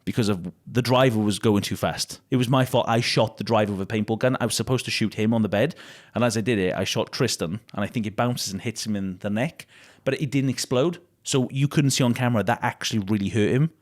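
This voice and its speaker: A young British-raised man sits as a guest, telling his stories in loose, animated chat. His voice sits on the lower side, and he drops into quick retellings of what people said, laughing between lines. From United Kingdom. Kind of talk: casual interview chat.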